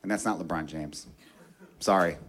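A man from Chicago doing a crude, excitable stand-up set on a club stage, slipping into frenzied shouting bits. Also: low-pitched, moderate pace. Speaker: stand-up comedian. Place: comedy club stage with audience. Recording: live club recording with crowd noise. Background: audience laughter.

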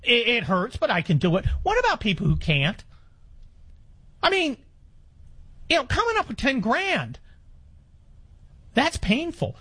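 An older man in his sixties holds forth on talk radio with a lively, swinging pitch. His delivery is wry and rambling, full of quick restarts and exasperated asides. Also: breathy edge. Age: 60s. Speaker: radio talk show host.

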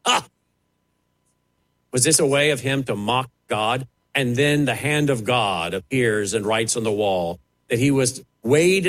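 A man's voice: mid-range voice, a bit bright. A man preaching a sermon as a television preacher, emphatic and dramatic, swinging sharply up and down as he drives his points.

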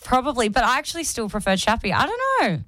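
A woman, hosting a radio show in casual, animated banter. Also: fairly high pitch, fast, no room sound. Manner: animated, laughs often. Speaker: radio host.

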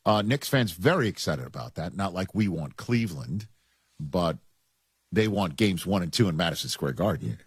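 A man with a New York accent hosting sports talk radio, animated and emphatic, repeating his points. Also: low voice, normal speed, breathy edge, dry recording, clean studio sound. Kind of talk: casual sports talk and live ad read.

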